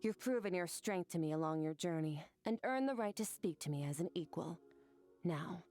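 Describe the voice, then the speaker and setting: A woman voicing a low, aloof swordmaster. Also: animated, darkish tone, lightly acted. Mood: solemn. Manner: solemn, measured, aloof. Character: cold, composed female swordmaster disciple. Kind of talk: game character voice lines. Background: game music.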